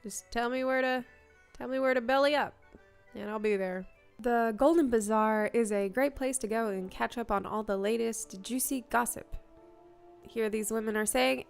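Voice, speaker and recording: Woman streamer, a touch high-pitched, wry deadpan humor, off-the-cuff game commentary over faint music. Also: moderate pace, creaky, smooth. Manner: wry, playful, deadpan jokes. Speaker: streamer touring a game world.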